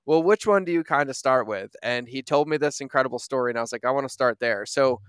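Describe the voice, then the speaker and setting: Effusive male podcast host, smooth voice. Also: medium pitch, quick pace, a bit bright, no room sound, studio quality. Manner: effusive, gushing praise with fillers. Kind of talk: casual conversation.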